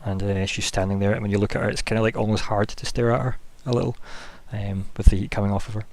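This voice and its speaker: A man's voice: lowish voice, flat delivery, fast talker, a little mellow. A man narrating a tabletop game as game master, rambling casually with plenty of fillers. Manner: rambling, loose, full of fillers like "kinda" and "like".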